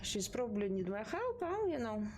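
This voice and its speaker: A woman's voice: on the high side, very animated, normal speed. A woman chatting through a horror game as a streamer, talking to the game and her viewers in a bemused way. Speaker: gaming streamer. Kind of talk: live horror game commentary. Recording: game ambience noise behind.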